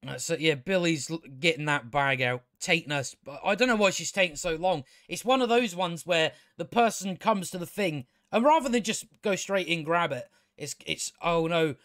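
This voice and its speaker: A man's voice: fairly high pitch, moderate pace, hardly any pauses, fairly bright tone, no room sound. Sarcastic man with a dry sound. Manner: sarcastic and exasperated, swears often. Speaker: TV show reviewer. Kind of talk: casual spoken review.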